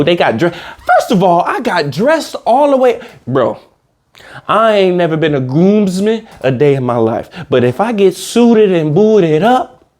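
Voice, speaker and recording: A man doing comedic reaction commentary in an animated, profane rant. His voice sits a little high and swings widely in pitch, rising sharply when he gets worked up. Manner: animated, ranting, slangy and profane.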